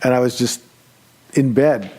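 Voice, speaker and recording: A male meditation teacher telling a personal story during a retreat talk, conversational and animated as he acts out his own excited thoughts. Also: mid-range voice, measured pace, husky. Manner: relaxed, conversational, with many fillers.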